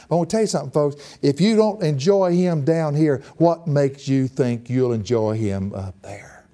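A man preaching a sermon in a folksy, animated and emphatic way. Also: on the high side, fairly quick, hardly any pauses.

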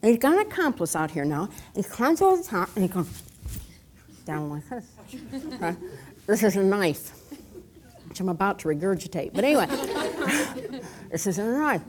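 A woman's voice: medium pitch, very animated, brisk, pauses often, noisy background. A woman teaching a Bible lesson with props, acting out scenes and adding chuckling asides.

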